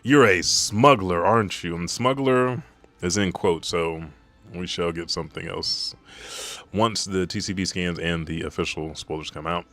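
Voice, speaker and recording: A man's voice: deep voice, measured pace, fairly bright tone. A man casually recapping and reacting to a manga chapter, with profane, rambling asides. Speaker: manga summary youtuber. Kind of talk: casual live reaction summary.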